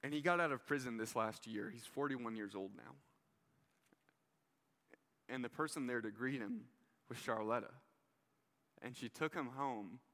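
Male pastor, casual and earnest preaching, bright voice, reverberant hall. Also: mid-range voice. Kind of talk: sermon.

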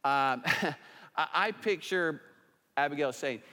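A male pastor preaches in a mid-pitched voice, swinging from loud, emphatic declarations to quiet, intimate asides. His voice rings with the long reverb of a church hall. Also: moderate pace. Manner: animated preaching with big swings in loudness. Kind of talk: sermon.

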